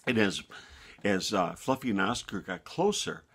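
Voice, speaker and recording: A man narrating a bedtime story in a gentle, unhurried manner with small restarts. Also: on the low side, sing-song, gravelly, slightly rough.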